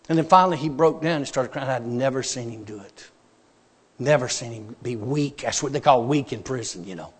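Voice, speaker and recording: A man's voice: medium pitch, animated, a little fast, husky. Folksy man preaching with echo. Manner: folksy, emphatic storytelling. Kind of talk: sermon testimony.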